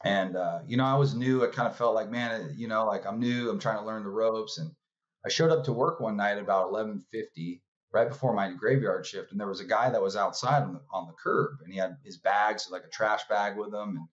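Laid-back low-voiced man telling a story. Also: fairly quick. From California. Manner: relaxed storyteller, filler-heavy, acts out quoted voices. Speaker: guest. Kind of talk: casual storytelling. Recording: dull lo-fi sound.

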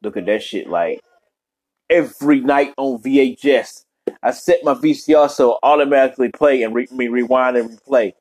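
Man, podcast host, casual profane commentary, rambling, slangy, mid-pitched voice. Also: moderate pace, a little mellow. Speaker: podcast host reacting to a movie.

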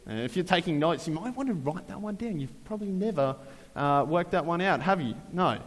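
A man's voice: a little high, expressive, fairly quick, slight background noise. A man preaching a casual, conversational sermon, full of fillers and joking asides. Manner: chatty, many fillers, jokey asides. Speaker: pastor. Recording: long reverb of a large hall.

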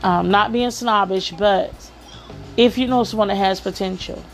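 A woman's voice: mid-range voice, fairly even intonation, a little slow, soft background music. A woman hosting a podcast, giving work advice in a casual monologue, often checking in with "okay?" and "right?".

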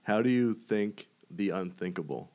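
A playful man tells corny jokes for kids in relaxed banter with his co-host. His low voice swings widely in pitch. He chuckles between his lines. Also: normal speed, a little hiss or hum. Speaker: joke teller on a kids' show. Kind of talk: casual joking banter.

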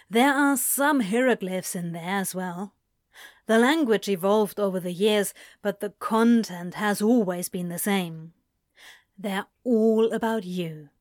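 A woman voicing a devoted, lovestruck male demon who declares his love slowly and earnestly, in a fan fiction reading. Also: medium pitch, dry recording, clean studio sound, close to an everyday voice. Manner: slow, earnest, heartfelt declaring. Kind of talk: fan fiction read aloud.

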